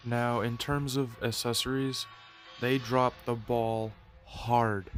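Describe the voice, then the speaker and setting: A man's voice: medium pitch, little pitch movement, slow, soft background music. A man with a plugged nose and a nasal voice, chatting casually through a toy review video. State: stuffy nose.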